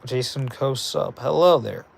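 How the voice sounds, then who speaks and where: A man streaming live, chatting casually with his viewers and reading their messages aloud in animated bursts. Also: medium pitch, unhurried, vocal fry. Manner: animated, reads chat aloud, excitable bursts. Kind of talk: casual livestream chat.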